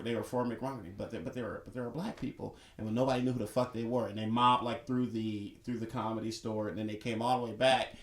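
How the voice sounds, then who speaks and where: A man's voice: medium pitch, far from the mic. A man, a guest comedian, telling a story in casual podcast chat, laughing often as he talks. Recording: echoey room.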